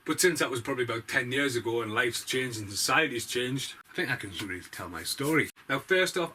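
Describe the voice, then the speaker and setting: A man with a bright, forceful voice rants his way through a story, sweary and sarcastic. His talk is loose and unscripted, with lots of asides. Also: mid-range voice. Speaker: vlogger. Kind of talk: ranting storytelling monologue.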